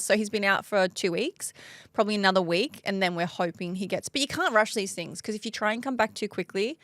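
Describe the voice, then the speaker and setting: A woman's voice: mid-range voice, no room sound. A woman, co-hosting a podcast in casual chat, joking and laughing often. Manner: chatty, laughs often, self-mocking jokes. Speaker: podcast co-host.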